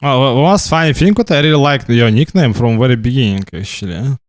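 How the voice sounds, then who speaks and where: Rambling gamer, lively pitch. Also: male voice, brisk, no room sound, studio quality. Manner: rambling, stammering, tags "right?" often. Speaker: gamer streamer. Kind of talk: casual commentary while gaming.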